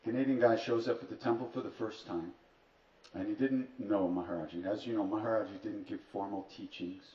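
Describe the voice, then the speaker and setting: A lowish male voice, slightly fast and fairly even in intonation, belongs to a retreat teacher entertaining an audience with comic stories. He slips in dry, wry remarks and jokes at his own expense. Captured live in a retreat hall, the sound is distant, roomy, dull and faintly ambient.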